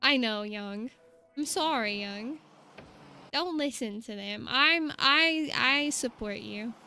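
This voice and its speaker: A woman's voice: fairly high pitch, slow, bright, forceful tone, soft background music. A young woman, chatting casually and rambling to her stream viewers.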